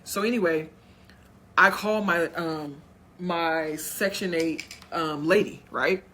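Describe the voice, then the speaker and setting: This woman has a lowish, fairly bright voice and takes it slowly. She's a vlogger talking directly to viewers at home, sharing a personal story casually and acting out other people's quoted words.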